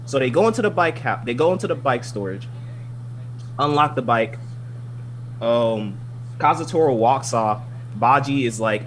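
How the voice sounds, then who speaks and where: Guy on a podcast going off about an anime ep, swears a lot, mid-pitched, faint hum behind. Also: moderate pace, long pauses. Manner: animated, profane, rambling retelling. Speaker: podcast co-host. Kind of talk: casual anime recap chat.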